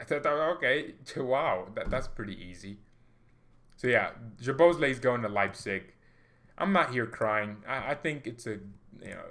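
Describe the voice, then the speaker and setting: Animated, jokey male football vlogger. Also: medium pitch. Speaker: football reaction channel host. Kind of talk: casual reaction vlog commentary.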